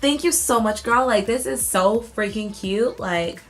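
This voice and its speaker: A woman beauty YouTuber chatting through a casual unboxing vlog at home. She sounds bubbly and excitable and uses casual slang. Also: on the high side, unhurried, faint music behind, rough recording.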